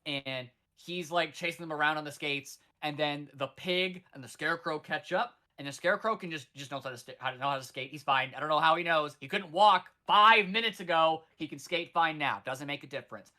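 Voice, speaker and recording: A bright-toned podcast host in their thirties retells a film with loose, rambling asides. The delivery is sarcastic and peppered with cursing. It sounds like friends chatting about an old favourite. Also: medium pitch, a little fast, hardly any pauses. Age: 30s. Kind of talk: casual movie recap chat.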